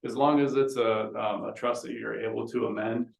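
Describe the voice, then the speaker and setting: A man's voice: mid-range voice, fairly even intonation, brisk, vocal fry. A man, a magistrate at a seminar, explaining legal steps in a plain-spoken way. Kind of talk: public talk answering questions. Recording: echoey room.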